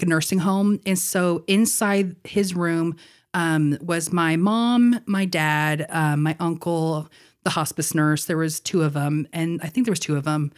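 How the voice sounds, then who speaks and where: A young woman co-hosting a podcast, telling a personal story in a casual chat, laughing often and leaning on fillers like "like" and "you know.". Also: on the low side. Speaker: podcast co-host.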